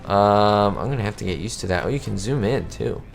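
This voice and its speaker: A man giving excitable, easily amazed commentary as he plays a video game. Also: fairly low pitch, brisk, vocal fry, soft background music. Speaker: gamer.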